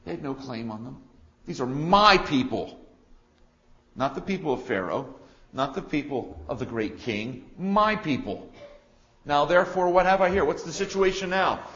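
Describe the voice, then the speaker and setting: A man preaching an expository sermon, swinging between loud declarations and quiet asides. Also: mid-range voice, big pitch swings, measured pace, highs cut off.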